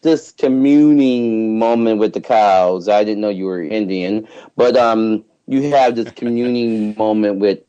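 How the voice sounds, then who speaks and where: A man's voice: lowish voice, steady tone, a little slow, hardly any pauses, mellow, smooth, lo-fi sound. A man hosting a casual podcast chat, rambling with many restarts and frequent laughter. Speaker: podcast host.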